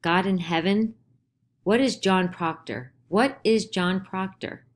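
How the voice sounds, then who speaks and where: A woman's voice: mid-range voice, takes it slowly, pitched above the performer's own voice, lightly acted. A woman voicing an anguished, defiant middle-aged male farmer in a dramatized play reading, with pained, raised delivery.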